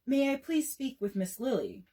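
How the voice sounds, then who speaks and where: Cocky teasing new england guy, woman doing him in a read-aloud, bouncy husky voice. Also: a little high, sing-song, moderate pace. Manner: breezy, teasing, patronizing. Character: brash joking middle-aged man, courting suitor.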